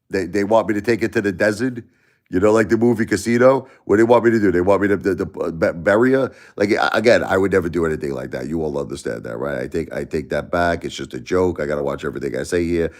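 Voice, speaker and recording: A man's voice: deep voice, quick pace. A middle-aged man, ranting to his live-stream viewers in a repetitive, stammering way. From Brooklyn, New York. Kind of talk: casual live-stream rant.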